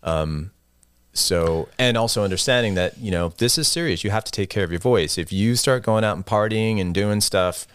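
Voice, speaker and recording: A man's voice: lowish voice, moderate pace, a bit bright, clean tone, no room sound, clean studio sound. A middle-aged man, a guest musician, telling rambling, self-deprecating stories in a casual interview and laughing often.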